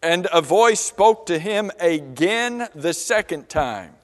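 Man, slightly high voice, slow deliberate sermon with questions, church hall reverb. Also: lively intonation. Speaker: preacher. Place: church auditorium.

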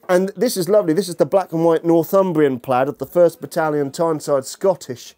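A man's voice: high-pitched, animated, a little fast, few pauses, a little mellow. A man lecturing as a historian to an audience, humorous and chatty, bantering with the room. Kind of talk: lecture with jokey asides.

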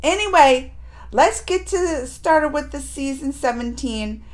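A woman hosting a review channel, recapping episodes to viewers in a chatty, animated way and acting out characters' lines. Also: high voice, a little slow. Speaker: reaction and review channel host. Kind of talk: casual recap chat to viewers.

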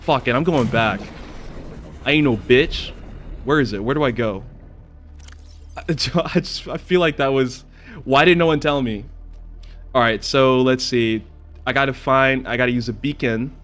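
Faint music plays behind a man with a mid-range voice, talking at normal speed as he comments casually on the game he's playing. This gaming channel host is excitable, jumpy and quick to swear and yell when scared during his let's-play.

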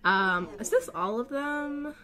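A young woman giving casual gameplay commentary as a let's play host, gushing and excitable, often gasping. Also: sits high, slow pace.

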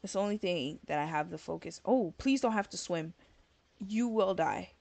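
A woman's voice: on the low side, animated, moderate pace, vocal fry, darkish tone, no echo. A woman chats casually while she plays a game live on stream. She rambles, fills her sentences with "like", and sounds tired and yawny late at night. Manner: chatty and rambling, many fillers of "like".

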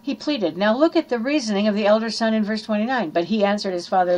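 A woman's voice: medium pitch, fast, hardly any pauses, a little mellow, a little hiss or hum. Earnest woman preaching a sermon. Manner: earnest, teaching, reads scripture aloud with small slips.

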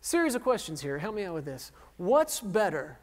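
A man's voice: sits high, sing-song, moderate pace. Preaching man in a reverberant church hall. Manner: call-and-response preaching, quizzing the congregation; jokey and self-deprecating. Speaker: pastor. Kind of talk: sermon. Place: church sanctuary.

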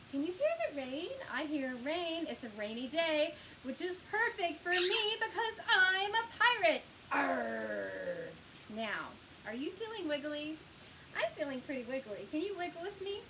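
A woman's voice: very high voice, expressive, normal speed, bright, forceful tone, slight background noise. A woman children's librarian leading a storytime, talking to small children in an exaggerated, cheerful, sing-song way.

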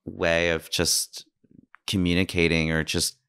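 A man's voice: low voice, little pitch movement, a little slow, fairly bright tone, clean tone, dry recording, clean studio sound. A young adult man in casual podcast chat, rambling through a story with lots of filler words.

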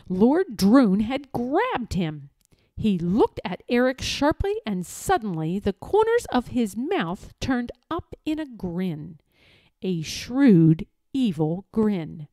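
Woman, picture-book read-aloud, slow, lively intonation, mellow voice, dry close sound. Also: mid-range voice, dry recording. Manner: slow, expressive storytelling. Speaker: children's book reader.

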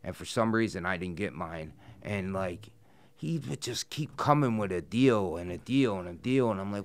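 Gruff deep-voiced man, blunt and profane. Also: lively intonation, moderate pace. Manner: blunt, profane storytelling with frequent fillers. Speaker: professional wrestler, guest. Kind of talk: casual interview talk. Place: studio interview set.

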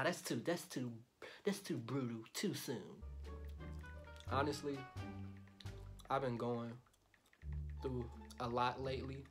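A young man vlogs in a loud, joking voice full of swearing, then turns soft and mock-tender when he reads out his messages. His voice sits at an average pitch, and music plays clearly behind him. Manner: loud, profane and joking, swings to soft mock-romantic reading. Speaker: YouTuber. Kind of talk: casual vlog talk.

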